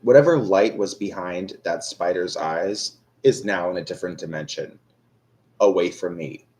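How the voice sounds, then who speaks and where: A young adult man reading tarot on a live stream chats casually with his viewers in a low, slightly mellow voice at a moderate pace. His talk rambles and turns self-deprecating, packed with fillers and restarts.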